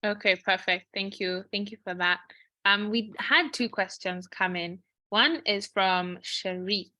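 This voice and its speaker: A woman moderating a Q&A session, thanking the speaker and reading out the questions in a polite, brisk way. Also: mid-range voice, sharp tone.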